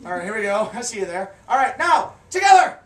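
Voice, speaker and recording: A man doing a live comedy act for a crowd on an outdoor fair stage, loud and teasing, with crude jokes and bursts of shouting. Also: high voice, fast. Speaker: fire performer and street-show comedian. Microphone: camera far from the stage. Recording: distant, echoey, noisy amateur video.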